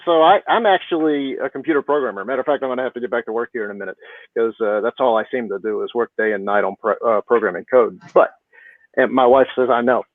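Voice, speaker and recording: A man's voice: mid-range voice, quick pace, no room sound. A man guest on a podcast, chatting in a self-deprecating way about his work and comedy over a video call. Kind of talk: casual interview chat. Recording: tinny, dry phone-like line.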